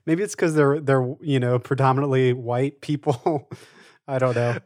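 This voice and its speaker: A man's voice: medium pitch, steady tone, normal speed, a little mellow, dry recording, studio quality. A man co-hosting a podcast, thinking aloud in rambling casual chat. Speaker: podcast co-host.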